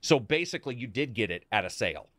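A man hosting a casual talk stream about video games, rambling and animated, talking to his chat. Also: medium pitch, quick pace, dry recording. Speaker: host.

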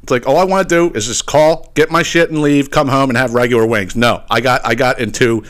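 A man hosting a podcast, telling a story as a casual comic rant, swearing often and keeping his listeners in with quick asides. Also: mid-range voice. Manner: profane, animated, keeps asking "right?". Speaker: podcast host.

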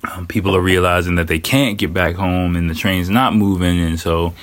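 A man's voice: low-pitched, fairly even intonation, moderate pace. A man casually recounting a personal story in a loose, profane way, with lots of fillers and quoted asides. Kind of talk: casual spoken monologue. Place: living in Japan.

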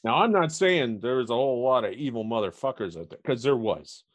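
A man's voice: medium pitch, expressive, brisk. A man co-hosting a casual podcast, blunt and swearing freely. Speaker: podcast co-host. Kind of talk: casual history chat.

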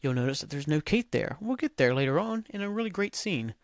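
A man with a fairly high voice talks alone on his podcast, rambling and cursing freely as he recaps. His speech is packed with "like" and "um." The sound is dry and close, with no room echo. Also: very animated, brisk. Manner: rambling and profane, heavy on "like" and "um". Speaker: podcast host. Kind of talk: casual solo podcast recap.

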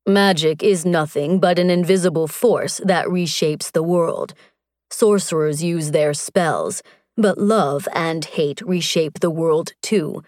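A woman voicing an earnest, tender barbarian warrior man, speaking slowly and gently. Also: deep voice, dry recording, studio quality.

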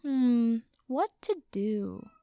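A woman voicing a cheerful, condescending male wizard villain with a lifted pitch. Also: very animated, a little slow, creaky, a little mellow, dry recording, clean studio sound, exaggerated voice. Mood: cheery.

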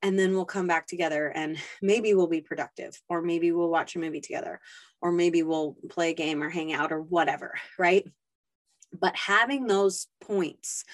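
A young woman hosting a talk, speaking to mothers in a casual motivational monologue, earnest and pleading, acting out quoted inner voices. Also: lowish voice. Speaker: podcast host speaking to mothers.

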